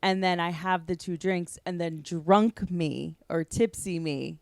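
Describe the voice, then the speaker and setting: A woman in her thirties hosting a podcast in casual chat, excitable and rambling with lots of fillers. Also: fairly low pitch, a little slow, vocal fry, no room sound. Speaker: podcast host.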